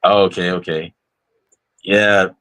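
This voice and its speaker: A low-voiced man hosts a relaxed podcast interview. He rambles through long questions, restarting words and leaning on "you know" as he goes. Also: takes it slowly, low-quality recording. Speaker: podcast host. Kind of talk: casual interview chat.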